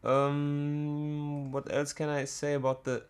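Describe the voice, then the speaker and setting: A man teaching a music production tutorial, talking in a halting way with many fillers and restarts. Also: fairly high pitch, completely flat delivery, clean tone. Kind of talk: screen-recorded software tutorial.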